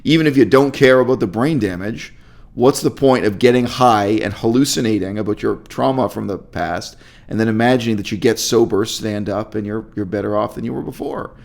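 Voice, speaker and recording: Sarcastic man with a gravelly voice. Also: lowish voice, fairly quick, darkish tone. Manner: mocking, laughs at his own jokes. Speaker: video commentator. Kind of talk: sarcastic commentary reading reviews.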